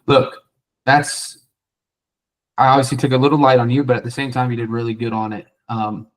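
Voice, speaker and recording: A man's voice: medium pitch, flat delivery, normal speed, rough recording. Guy coaching sales calls, blunt, swears a lot, acts out the callers and sellers. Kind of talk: coaching feedback after a sales role play.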